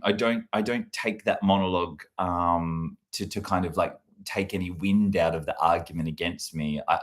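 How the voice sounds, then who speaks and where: A deep-voiced man talks to camera as a comedy creator. He muses in a rambling, reflective way, full of filler words and false starts. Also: fairly bright tone. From Australia. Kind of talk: casual talk to camera.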